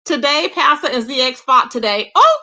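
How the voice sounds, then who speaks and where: A woman hosting a livestream, chatting casually with viewers, gossipy and animated, thanking them by name and laughing often. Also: high voice, moderate pace. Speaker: livestream host.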